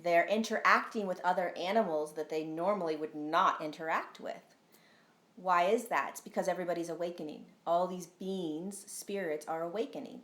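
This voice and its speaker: An earnest spiritual teacher chats casually on a live stream, her voice fairly low and a touch bright. The phone mic picks up an echoey room, and she rambles along with frequent ums and tag questions.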